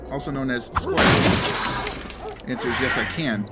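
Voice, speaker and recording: A man's voice: mid-range voice, huge pitch swings, measured pace, pauses often, music in the background. A man hosting a let's play, chatting casually and rambling as he plays, often correcting himself mid-sentence. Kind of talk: casual game commentary.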